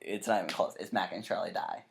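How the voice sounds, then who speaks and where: A man co-hosting a podcast in relaxed, casual chat. He is easygoing and often answers with short, agreeing replies. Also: low-pitched, fast, gravelly. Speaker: podcast co-host.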